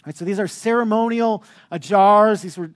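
A middle-aged male pastor delivers a sermon in a fairly high voice. He mixes scripture with funny personal stories and leans on filler words as he goes. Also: moderate pace. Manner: humorous storytelling with frequent fillers.

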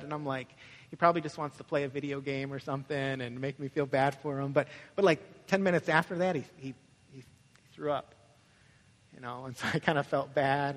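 A man's voice: on the high side, fairly even intonation, fairly quick. A young man preaching a conversational sermon as a pastor, often asking "right?" and telling stories. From Michigan, USA. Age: young adult. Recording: echoey hall with long reverb.

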